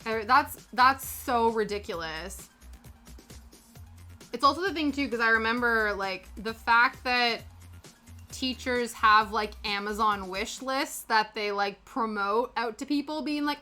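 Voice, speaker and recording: A woman from Canada chatting casually with her live chat while stitching, animated and quick to laugh. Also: on the high side, faint music behind. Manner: chatty, animated, laughs often, greets viewers by name. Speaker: streamer.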